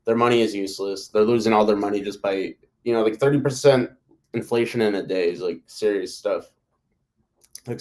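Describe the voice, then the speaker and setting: A man's voice: on the low side, darkish tone. A man hosting a casual live discussion, talking in a rambling way and filling his sentences with "like" and "you know.". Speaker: host.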